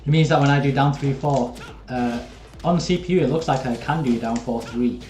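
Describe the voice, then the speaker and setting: A man's voice: medium pitch, fairly quick, a little mellow, soft background music. Young man streaming a game. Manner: casual, chatty, talks to viewers while playing. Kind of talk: live gameplay commentary. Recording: roomy echo.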